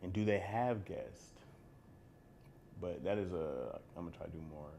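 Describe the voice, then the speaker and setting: A man with a deep, low voice that still swings through a lively range, co-hosting a casual comedy podcast. He tells jokey stories, slipping into other people's voices as he goes. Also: normal speed, vocal fry, slight background noise. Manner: joking storyteller who acts out other people's voices. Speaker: podcast co-host.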